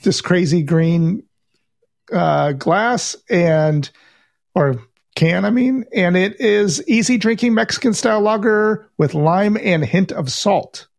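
A man's voice: high-pitched, lively intonation, slow pace, gravelly. A man on a casual podcast, talking in an easygoing, plain-spoken way. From Northern California. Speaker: podcast co-host. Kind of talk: casual chat.

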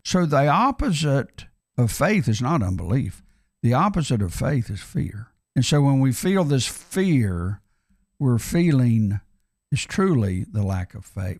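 A man's voice: mid-range voice, darkish tone, dry recording, clean studio sound. A man co-hosting a faith podcast, talking earnestly in a preacherly way and circling back to repeat his key phrases. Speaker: podcast co-host. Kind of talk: casual faith discussion.

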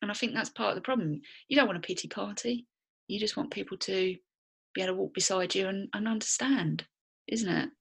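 A woman on a podcast with a husky, breathy voice and a gravelly fry underneath. She talks candidly and bluntly, in a loose conversational flow. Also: mid-range voice, a little fast, a bit bright. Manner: candid, chatty and blunt, swears freely. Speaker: podcast co-host. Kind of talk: casual podcast chat.

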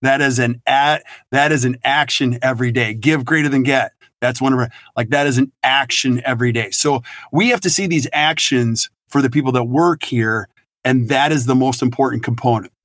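Guesting on an interview podcast, a middle-aged business consultant comes across as forceful, blunt and full of energy. He talks at medium pitch and normal speed, captured at studio quality with no room sound.

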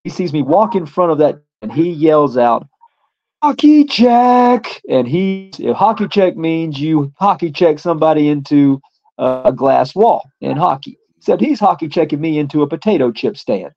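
A man's voice: a little high, lively intonation, normal speed, a little mellow, muffled recording. A man, a pro wrestler appearing as a guest, telling a casual story in a rambling way with lots of fillers.

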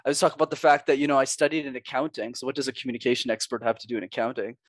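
A man's voice: mid-range voice, very fast, no echo. A young man from Montreal, a public speaking coach, chatting upbeat in a podcast interview and laughing often. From Montreal, Canada. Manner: upbeat, laughs often, acts out quoted voices.

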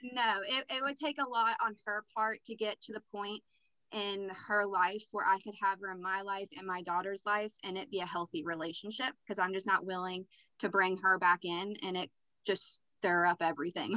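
A woman's voice: medium pitch, fairly even intonation, normal speed, sharp tone, no room sound, low-quality recording. A young adult woman telling a personal story as a podcast guest, candid and matter-of-fact. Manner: candid, matter-of-fact recounting with filler words.

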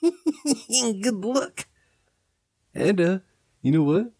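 A man's voice: high voice, sing-song, drawn-out words, warm tone, slightly rough, no echo. A young adult man hosting a podcast in casual chat, laid-back, swearing and laughing often. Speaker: podcast host.

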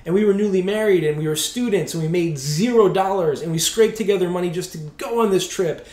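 Male pastor, 40s, animated self-mocking storyteller, slightly high voice, roomy hall echo. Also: brisk. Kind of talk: storytelling sermon.

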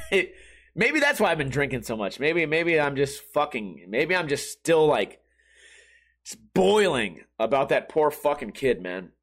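A man's voice: fairly high pitch, sing-song, a little slow, fairly bright tone. Profane ranting man in his thirties. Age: 30s. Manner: swears constantly, rants, laughs between lines. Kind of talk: profane monologue.

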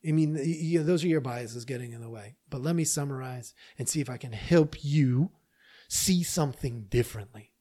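A man's voice: medium pitch, normal speed. Emphatic man hosting a podcast. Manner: emphatic, animated, talks straight to listeners. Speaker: podcast host. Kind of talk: opinion monologue.

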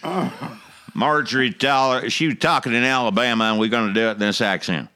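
A man's voice: medium pitch, a little fast, sharp tone, clear, resonant tone. A man hosting a comedic political show, mocking the news and laughing often. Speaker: host.

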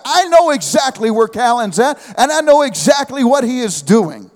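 A man in his thirties preaching a sermon with an animated delivery, humorous asides and calls of amen. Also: very high voice, moderate pace, few pauses, big-room sound.

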